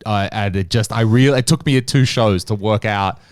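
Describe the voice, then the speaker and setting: Animated Australian man, smooth low voice. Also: moderate pace, no echo, clean studio sound. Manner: animated, profane storyteller. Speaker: podcast host. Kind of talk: casual chat.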